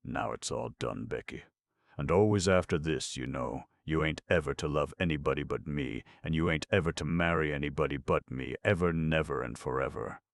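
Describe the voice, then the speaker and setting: A man's voice: rumbling low, moderate pace, vocal fry, no echo, studio quality. A man doing a coaxing young schoolboy. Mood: earnest. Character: eager, scheming young schoolboy. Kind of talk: audiobook character voicing.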